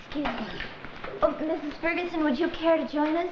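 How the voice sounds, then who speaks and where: An actress playing a bright young governor's daughter. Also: female voice, high-pitched, a little fast, highs cut off, lightly acted. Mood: friendly. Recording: echoey old TV audio, loud audience and hiss.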